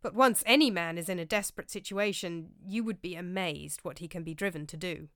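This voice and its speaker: A woman voicing a calm, worldly medieval priest who tells his tale in a measured way. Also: fairly low pitch, clean tone, no room sound, studio quality.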